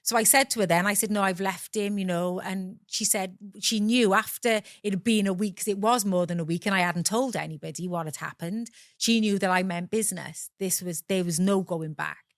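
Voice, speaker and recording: A woman's voice: medium pitch, brisk, few pauses, no room sound, studio quality. A middle-aged woman from Wales with a South Welsh accent, a guest telling her own story candidly, swearing freely and acting out the voices of people in it.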